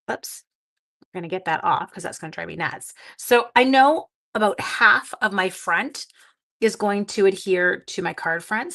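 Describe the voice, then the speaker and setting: A woman's voice: mid-range voice, a bit bright. A woman hosting a live craft demonstration. She chats casually and greets viewers while she works, often talking half to herself. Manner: chatty, greets and answers viewer comments while working. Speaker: craft livestream host. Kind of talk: casual live-stream card-making demonstration.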